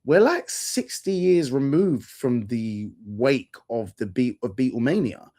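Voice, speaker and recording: A man's voice: mid-range voice, animated, unhurried, mellow. A man chatting casually on a film review panel, talkative and enthusiastic, often restarting his sentences. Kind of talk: casual chat.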